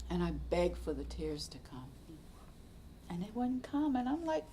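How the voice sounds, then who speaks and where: A woman meditation teacher giving a slow, reflective dharma talk that often drops to a soft, whispery hush. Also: on the low side, big pitch swings, a little hiss or hum. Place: meditation center hall.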